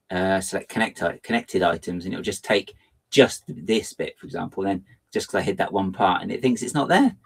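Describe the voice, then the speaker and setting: A man chatting playfully and self-mockingly while building on a livestream. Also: breathy edge. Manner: lively, theatrical swings into high pitch. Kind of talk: casual livestream chat.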